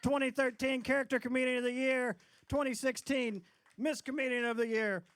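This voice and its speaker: A man hosting a comedy show, introducing acts with loud hype and rallying the crowd. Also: very high-pitched, fairly even intonation, a little fast. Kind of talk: emcee introduction. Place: small comedy club stage.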